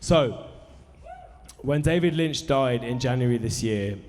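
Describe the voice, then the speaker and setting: A man's voice: medium pitch, unhurried, darkish tone, slight background noise. A nervous man in his thirties rambles through a sweary, self-mocking story for a live audience. His voice rings out in a cinema hall with a long reverb tail. A faint murmur of the room sits underneath. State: nervous, dry mouth. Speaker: musician introducing a film screening.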